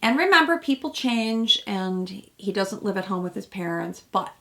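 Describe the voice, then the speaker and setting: Gravelly-voiced woman therapist commenting. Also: medium pitch, animated, normal speed, fairly bright tone. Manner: chatty and reflective, acts out quotes from the show. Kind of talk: casual commentary on a TV episode.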